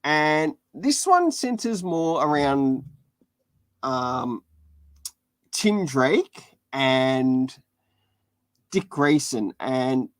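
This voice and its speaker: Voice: mid-range voice, sing-song, drawn-out words, long pauses, dry recording. A livestream host reading a webcomic aloud with casual commentary, laughing often along the way.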